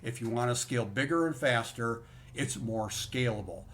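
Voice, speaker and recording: A man's voice: medium pitch, normal speed, fairly bright tone, a little hiss or hum. A man giving a live, conversational business-course presentation in an upbeat, enthusiastic way. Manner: enthusiastic, conversational, repeats "in other words".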